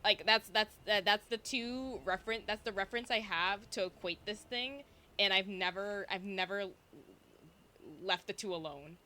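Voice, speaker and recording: A young woman streamer in casual chat, rambling with lots of fillers and a slight vocal fry. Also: mid-range voice, moderate pace, bright, forceful tone. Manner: chatty, rambling with fillers and self-interruptions.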